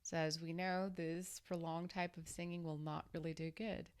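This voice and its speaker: A woman singing teacher giving a vocal lesson to camera, guiding each exercise step by step in a calm, instructive way. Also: on the low side, moderate pace, clear, resonant tone.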